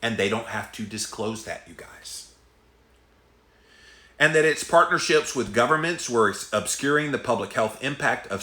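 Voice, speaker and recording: Man, emphatic rant, forceful bright tone, talks to listeners directly, echoey room. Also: on the low side. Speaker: podcast host ranting on diet. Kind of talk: impassioned solo rant. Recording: roomy echo.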